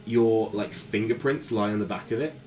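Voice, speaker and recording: A man's voice: fairly low pitch, normal speed, a little mellow, a little hiss or hum. A man narrating as game master in a tabletop game, casual and loose, swearing freely. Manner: casual, swears freely, many fillers and laughs.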